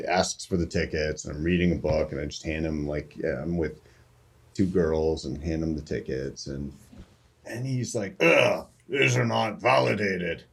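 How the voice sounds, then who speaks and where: Man, low pitched, casual and profane, spins a lively anecdote. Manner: profane, animated anecdote with acted quotes. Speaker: podcast co-host. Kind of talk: casual storytelling chat.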